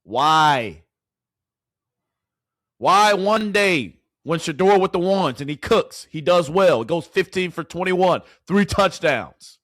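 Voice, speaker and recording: A man's voice: high-pitched, expressive, unhurried, few pauses, fairly bright tone, no room sound, studio quality. Exasperated ranting male streamer. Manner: exasperated, ranting, repeating rhetorical questions. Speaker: sports commentary streamer. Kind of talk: heated fan commentary to a live chat.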